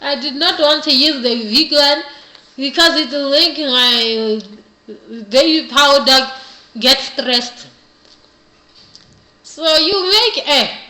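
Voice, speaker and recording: A young woman talks through a joking beauty tutorial in a mock-serious, playful way. Her voice sits high and sounds bright. The room around her is echoey. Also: slow, long pauses. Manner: playful mock-serious, keeps asking "you understand?". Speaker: beauty vlogger. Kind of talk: comedic tutorial.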